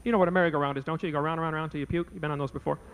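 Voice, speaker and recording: Fast-talking man with a high voice. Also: fairly even intonation, slight background noise. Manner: folksy, joking anecdote with rhetorical questions. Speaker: creationist speaker in a debate. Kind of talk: storytelling lecture.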